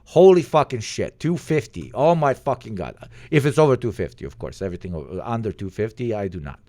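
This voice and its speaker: A man hosting a livestream in casual chat, excitable and swearing, pleading loudly with his viewers. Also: on the low side, fairly quick, no echo, studio quality. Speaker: livestream host.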